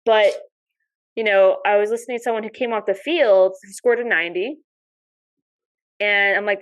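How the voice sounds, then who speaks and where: Animated, swearing woman telling stories. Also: medium pitch, normal speed, pauses often, low-quality recording. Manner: animated storyteller, mild swearing. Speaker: podcast guest, dog sport competitor. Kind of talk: casual podcast chat.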